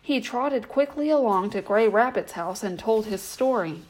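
A woman hosting a bedtime story reading, narrating in a gentle, measured way. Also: fairly high pitch, expressive.

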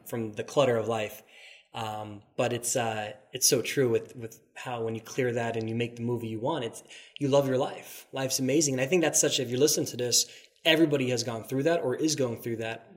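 A man hosting a casual podcast, speaking with a lot of enthusiasm and sometimes stumbling over his words. His voice sits in an ordinary middle pitch. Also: fairly even intonation, fairly quick. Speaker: podcast host. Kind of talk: casual interview chat.

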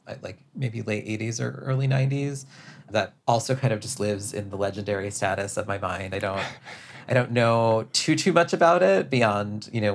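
A man who performs in drag is a guest in a casual interview, chatting reflectively and tossing in self-deprecating asides. His voice sits on the low side with vocal fry.

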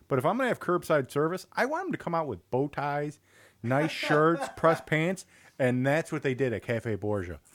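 A podcast co-host from Northwest Indiana with a Chicago accent chats casually and animatedly while tasting beers, rambling through plugs for local restaurants. His voice is a little high and moves at a normal speed, with a crowd audible in the background.

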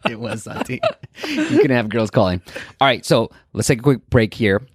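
A man's voice: medium pitch, huge pitch swings, normal speed, slightly rough, no room sound, studio quality. A man hosting a podcast, telling a family story in a playful way and laughing easily. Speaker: podcast host. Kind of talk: casual podcast chat.

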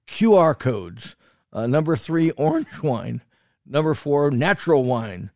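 A man's voice: a little high, very animated, unhurried, darkish tone, no room sound, clean studio sound. A man co-hosting a food podcast in casual chat, rambling with restarts and fillers and swearing for emphasis. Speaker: podcast co-host, food critic.

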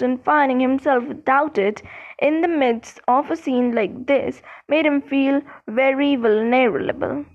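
A woman narrating a storybook in a slow, expressive reading. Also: high-pitched, muffled recording. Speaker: audiobook narrator.

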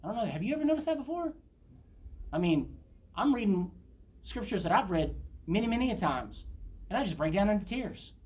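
A woman's voice: medium pitch, very animated, brisk, long pauses, a little mellow. A middle-aged woman teaching a Bible study in an earnest, conversational preaching style, often asking her listeners questions.

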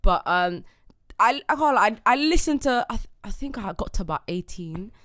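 A woman's voice: medium pitch, lively intonation, normal speed, a bit bright, no echo, studio quality. A young woman, co-hosting a casual chat and giving blunt, slangy opinions. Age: young adult. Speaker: podcast co-host.

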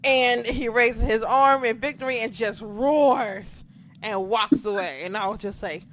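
A podcast co-host in a casual recap chat, who talks excitably, swears a lot and acts out their own reactions. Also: mid-range voice, a little slow.

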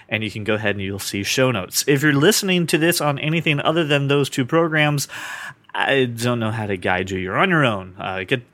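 A man hosts a podcast in a loose, rambling way, poking fun at himself as he goes. His voice sits at an ordinary middle pitch. The recording is dry and close, with no room echo. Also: fairly bright tone. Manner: chatty, rambling, self-deprecating. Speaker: podcast host. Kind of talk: casual podcast chat.

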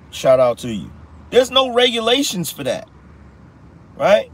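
A man's voice: high-pitched, slightly rough. A man hosting a live political commentary show, talking in a slangy, repetitive style and teasing his audience. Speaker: podcast host.

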